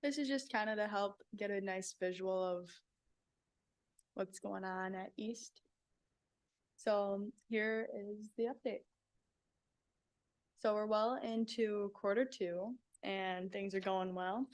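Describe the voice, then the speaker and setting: A student board representative giving a presentation to a school board in a measured manner. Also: female voice, medium pitch, steady tone. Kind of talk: presenting a report.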